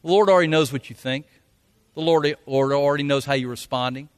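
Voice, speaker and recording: A pastor preaching a folksy sermon, now and then acting out quotes in a loud voice. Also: male voice, a little high, a little fast, clean tone. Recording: long hall reverb.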